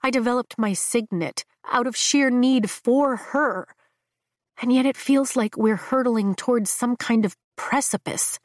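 Slow, dry-voiced woman narrating a fantasy novel. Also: a little high, no room sound. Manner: measured, emotive reading. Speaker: audiobook narrator. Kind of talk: scripted first-person narration.

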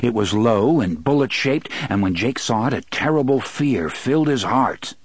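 A man reading a novel aloud in steady, measured storytelling narration. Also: mid-range voice, slightly rough, no room sound. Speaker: audiobook narrator. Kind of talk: scripted narration.

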